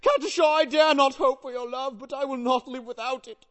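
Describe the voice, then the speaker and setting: Woman as a lovesick comic man, begging floridly, high-ish voice, hall reverb. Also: steady tone, natural voice. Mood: ardent. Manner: florid pleading declamation, slow doleful singing. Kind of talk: comic operetta stage acting and song. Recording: long hall reverb, guitar accompaniment.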